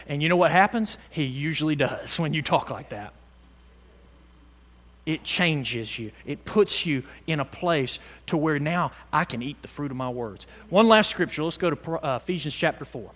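A man preaching a sermon, swinging from loud exhortation to hushed tones and calling on the congregation to answer him. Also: fairly high pitch, very animated, unhurried, long pauses, long reverb tail. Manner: calls on the congregation to respond.

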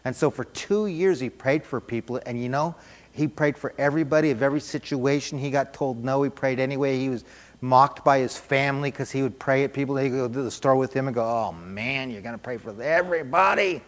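A man preaching a sermon, telling a story with animated, emphatic repetition. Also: mid-range voice, brisk, in a large hall.

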